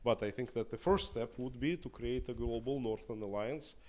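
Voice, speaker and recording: A Russian man whose first language is Russian, answering audience questions in English at a live talk in a halting way, with many fillers and restarts. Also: medium pitch, a little mellow. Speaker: opposition politician guest.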